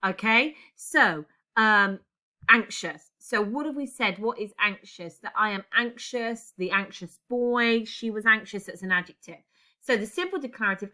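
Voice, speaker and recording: A woman teaches an English lesson, working through an example answer aloud. Her voice is bright and crisp, and she thinks out loud as she types. Keyboard clicks run under her speech. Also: medium pitch. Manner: talks while typing, thinking aloud. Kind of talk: recorded exam-writing lesson.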